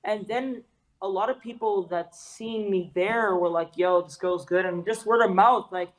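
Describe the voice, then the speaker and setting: A woman's voice: mid-range voice, a little slow, rough recording. Slangy young woman chatting casually. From Canada. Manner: loose slangy talk with frequent fillers and swearing. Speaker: guest, fitness trainer and artist. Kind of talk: casual interview chat.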